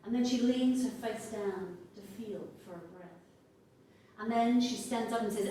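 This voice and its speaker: A woman with an Australian accent telling a folk tale aloud, with a lilting, expressive delivery that drops to a hush in quiet passages. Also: fairly high pitch, measured pace. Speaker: storyteller. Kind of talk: oral folk storytelling. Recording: echoey room, distant mic, faint noise.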